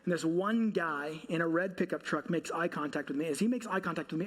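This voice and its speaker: A married man, a pastor, preaching a sermon through a funny personal story, animated and quizzing his listeners along the way. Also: fairly high pitch, a little fast, few pauses. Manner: comic, animated storytelling with audience questions.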